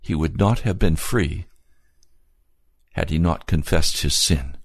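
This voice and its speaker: Guy preaching a sermon, slow and emphatic, dry close sound, goes low and grave then rises urgent. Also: no echo. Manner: earnest, emphatic, repeats key phrases; swings between low, grave passages and raised, urgent ones.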